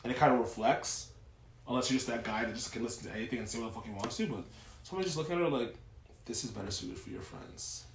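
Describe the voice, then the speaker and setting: A young man talks quickly and loosely, cursing often and filling gaps with "like". His voice sits at a middle pitch. The room around him is echoey. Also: a little hiss or hum. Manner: profane, rambling, lots of "like". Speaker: podcast co-host. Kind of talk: casual podcast chat.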